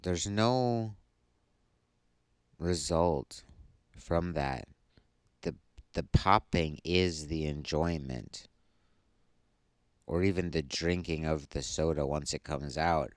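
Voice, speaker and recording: A man giving a tarot reading to his viewers, sleepy and yawning, explaining each card slowly and thoughtfully. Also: extremely low pitch, smooth, dry recording, clean studio sound. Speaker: tarot reader.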